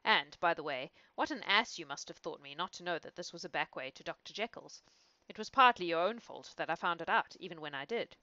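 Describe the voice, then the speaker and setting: A woman voicing a calm, matter-of-fact Victorian gentleman in a storybook reading. The voice sits fairly low, and the close, dry recording sounds a little dull. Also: fairly quick, hardly any pauses, dry recording. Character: a man of leisure, calm and dry.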